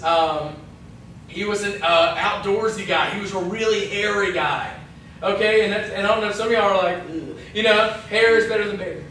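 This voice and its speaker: A youth pastor casually teaches a Bible lesson to a group of young women in a church hall, chatty and jokey, with plenty of asides and restarts. His voice is high, bright, and forceful. He's recorded from far off in an echoey hall, with a little hiss or hum.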